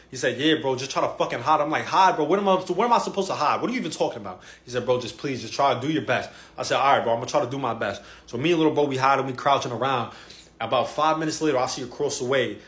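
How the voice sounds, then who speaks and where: Brief: male comic storyteller, quick delivery, plays out the dialogue, roomy echo. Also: medium pitch. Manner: animated, profane, quoting others in dialogue. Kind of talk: comedic storytelling.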